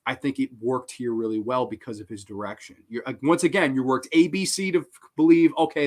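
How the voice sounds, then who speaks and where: A man hosting a horror film review show, talking casually in an excitable, profane way. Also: mid-range voice.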